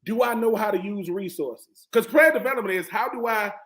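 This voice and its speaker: A man in his forties, a former football player on a sports talk panel, telling stories in a lively way and acting out what others said. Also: sits high, brisk. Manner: animated storyteller who acts out quoted voices.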